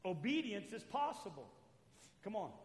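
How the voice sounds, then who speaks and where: A man preaching a sermon as pastor, swinging between loud calls to the church and quiet asides. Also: sits high, very animated, normal speed. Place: church sanctuary. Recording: echoey church hall.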